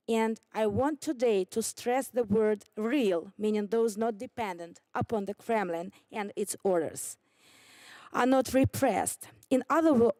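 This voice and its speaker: Woman testifying at a hearing, russian native, dark mellow voice, dry sound. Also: fairly high pitch, no room sound. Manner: measured, deliberate, formal. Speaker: hearing witness. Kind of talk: prepared testimony. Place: hearing room.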